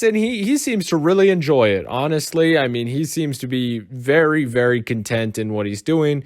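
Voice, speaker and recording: A man's voice: fairly high pitch, lively intonation, normal speed, few pauses, dry recording, clean studio sound. A man from the United States giving casual, rambling reaction commentary and swearing freely. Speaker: commentary YouTuber.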